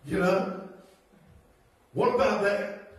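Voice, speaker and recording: A man preaching in a folksy, unhurried way, his fairly high voice full of rhetorical questions and chuckling asides. He sounds far from the microphone, and the church around him rings with heavy echo. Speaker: pastor. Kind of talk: sermon. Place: church sanctuary.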